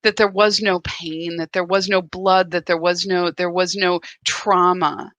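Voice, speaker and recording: A woman's voice: fairly low pitch, flat delivery, a little slow, a bit bright, no room sound. A woman hosting a live spiritual practice, talking candidly and emotionally into her phone, often stopping and restarting her thoughts. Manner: emotional, searching, many restarts. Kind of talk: candid live-stream talk.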